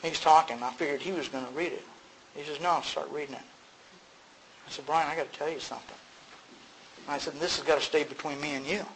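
Talking at a quick pace with frequent pauses, a middle-aged man tells a recovery meeting his own story in a slightly higher-than-usual, relaxed voice. Acting out both parts of old conversations, he jumps up in pitch and laughs at himself. Poor audio carries a faint room hum.

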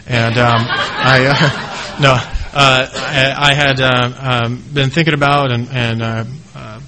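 A middle-aged man giving a personal testimony speech about his recovery. He talks earnestly and haltingly, with many restarts. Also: medium pitch, flat delivery, background noise. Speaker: speaker sharing his recovery story.

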